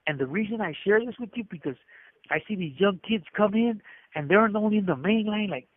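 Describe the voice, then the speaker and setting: Over a prison telephone, a middle-aged inmate tells a rambling story, acting out dialogue and restarting often. His voice sits high with lively intonation and a slightly fast pace, and the line sounds tinny and dry.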